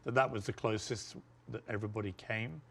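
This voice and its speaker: A man hosting an interview, stating firm opinions in a measured, assertive way. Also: lowish voice, fairly even intonation, vocal fry, a bit bright, a little hiss or hum. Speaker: host. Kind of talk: interview debate.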